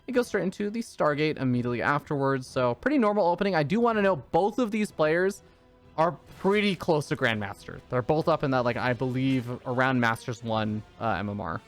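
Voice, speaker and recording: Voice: mid-range voice, expressive, brisk, soft background music. A caster giving live play-by-play and analysis of a strategy game match, talking through their thinking with frequent hedges. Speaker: esports caster.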